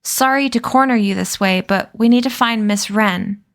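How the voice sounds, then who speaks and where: A woman's voice: medium pitch, normal speed, close to an everyday voice. A woman voicing a determined teenage girl who speaks firmly and insistently in a read-aloud storybook. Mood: urgent. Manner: firm and insistent.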